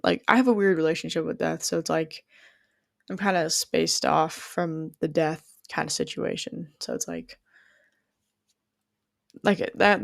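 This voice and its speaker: A woman's voice: on the low side, gravelly, no room sound, clean studio sound. A young woman telling a personal story and musing on whether she is a good person, rambling with plenty of "like" and restarts. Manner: rambling, heavy use of "like", frequent restarts.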